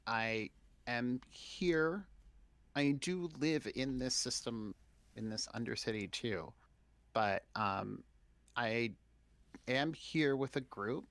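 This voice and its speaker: A man's voice: medium pitch, slow, pauses often, a bit bright, no echo. A man speaking in character in a tabletop game, hesitant and rambling. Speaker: player.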